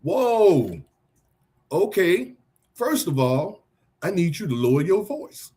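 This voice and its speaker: A man's voice: high-pitched, big pitch swings, slow, warm tone, exaggerated voice. A man reading the part of a defensive husband who deflects blame with therapy words. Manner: reads the lines plainly, scripted. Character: defensive husband hiding behind therapy talk.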